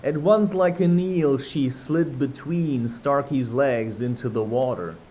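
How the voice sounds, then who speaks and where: This audiobook reader, a man with a dark, mid-range voice, works unhurriedly through a classic children's novel, drifting into chatty asides where he laughs at himself. There's a little hiss or hum, and the audio quality is poor.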